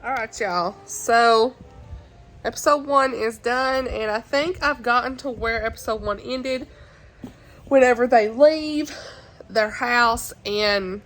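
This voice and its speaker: A woman's voice: a little high, a bit bright, poor audio. A woman chatting casually as a book vlogger, giggly and talkative. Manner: chatty, giggly, often says y'all. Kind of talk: casual chat.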